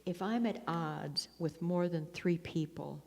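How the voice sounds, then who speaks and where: An older woman speaks at a recovery meeting in a chatty, self-mocking way, breaking off and restarting her sentences. Her voice sits on the low side for a woman. Long reverb from the meeting hall trails behind her words. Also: a little slow, gravelly. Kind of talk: personal recovery talk.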